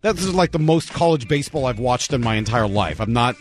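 Male sports radio co-host, animated, chatty, casual delivery. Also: mid-range voice, fairly quick. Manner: chatty, lively, self-deprecating.

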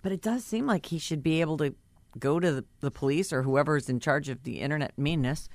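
A woman's voice: low voice, fast talker, no room sound. A woman co-hosting a radio talk show, chatting casually as she reads out entertainment news items with her own asides.

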